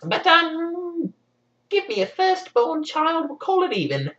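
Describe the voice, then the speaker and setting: A man voicing a sly little male imp, in a shrill, sing-song, mocking voice, for a comic retelling of a fairy tale. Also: huge pitch swings, slow pace, fairly bright tone, full character voice. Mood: wheedling. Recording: dull lo-fi recording.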